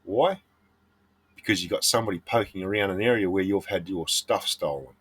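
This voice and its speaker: A man's voice: low voice, a little fast, fairly bright tone, husky. A middle-aged Australian man, a prospecting vlogger, giving earnest, blunt advice in a casual monologue.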